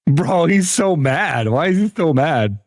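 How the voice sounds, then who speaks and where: A man's voice: a little high, expressive, a little slow, no room sound, studio quality. A man streaming a game live, mocking another player with crude, laughing commentary. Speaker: gaming streamer.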